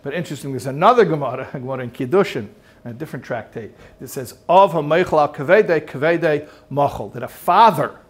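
A man's voice: a little high, lively intonation, fairly quick, husky. Emphatic man giving a religious talk. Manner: emphatic, swells and drops in loudness, asks rhetorical questions. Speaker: rabbi teaching a class. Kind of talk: conversational religious teaching.

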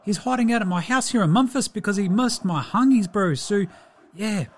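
A man doing a laid-back New Zealand basketball big man with a put-on New Zealand accent, rambling cheerfully in a comedy diary bit. The voice sits high and lifts brightly, and every few words get a chummy "bro" or "eh". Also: lively intonation, normal speed. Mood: easygoing.

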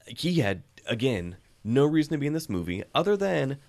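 A man's voice: mid-range voice, sing-song, moderate pace, a little mellow. A man co-hosting a film review podcast in casual chat, sarcastic and laughing often.

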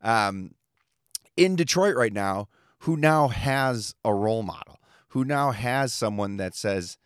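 A man's voice: lowish voice, animated, takes it slowly, smooth, dry recording, clean studio sound. A man hosting an interview, asking thoughtful questions while searching for his words. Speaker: podcast host.

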